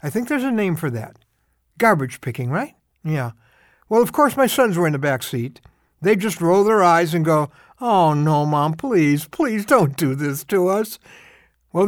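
A middle-aged man giving a short radio devotional, telling a story in an animated, conversational way. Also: high voice, dry recording, clean studio sound.

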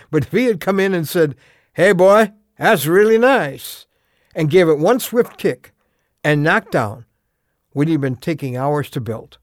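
A man's voice: a little high, no room sound, clean studio sound. A middle-aged man giving a short devotional radio sermon, earnest and conversational, asking his listeners questions as he goes. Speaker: radio preacher.

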